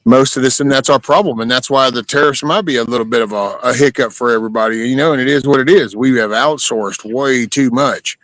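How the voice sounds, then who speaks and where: A man's voice: medium pitch, fairly quick, hardly any pauses, a bit bright, dry recording, rough recording. A Texan man hosting a casual livestream chat, rambling through opinions. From Texas.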